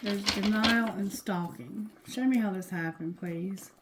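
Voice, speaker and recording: A woman giving a casual tarot reading to her viewers, talking loosely and cursing, going quieter when she asks the cards. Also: mid-range voice, a little slow, very noisy. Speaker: tarot reader.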